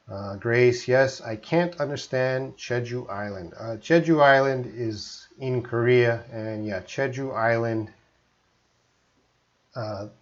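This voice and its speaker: A man's voice: fairly low pitch, lo-fi sound. A Canadian man, an English teacher, chatting through a live-streamed lesson and reading out viewer comments.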